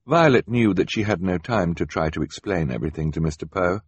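Husky, lively male storyteller. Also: low voice, brisk, no room sound. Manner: expressive, storytelling. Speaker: audiobook narrator. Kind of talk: scripted narration.

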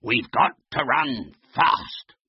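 A man voicing a pack of gruff male husky sled dogs in a children's story. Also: mid-range voice, animated, slow, no echo, heavily acted. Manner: gruff, then panting. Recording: dull, muffled recording.

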